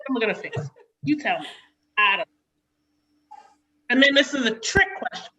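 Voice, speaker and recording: A woman in her forties doing a chatty stand-up comedy set over a video call, slipping into sharp quotes of a stern mother. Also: on the high side, sing-song, moderate pace, muffled recording. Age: 40s.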